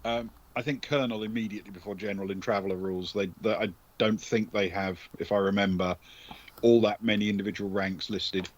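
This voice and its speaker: A man running a tabletop role-playing game as game master, speaking in a measured, matter-of-fact way. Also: on the low side, fairly even intonation, lo-fi sound.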